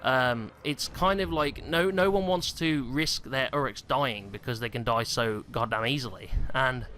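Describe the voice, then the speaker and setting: This is a young man at home in a cramped, stuffy room, doing breathless, rambling gameplay commentary for his gaming YouTube channel, packed with "um" and "like." His medium-pitched voice is unhurried, bright, and forceful. A faint hiss or hum sits under the audio.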